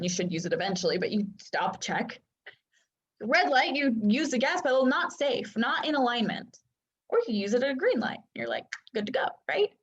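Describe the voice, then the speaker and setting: A woman coach teaching in a casual, chatty way and often checking in with listeners. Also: medium pitch. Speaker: Human Design coach. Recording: dull lo-fi sound.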